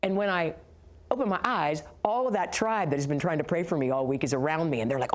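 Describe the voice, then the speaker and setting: A woman telling her faith testimony in an animated, sarcastic storytelling manner, laughing as she goes. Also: sits low, quick pace. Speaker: guest sharing a testimony.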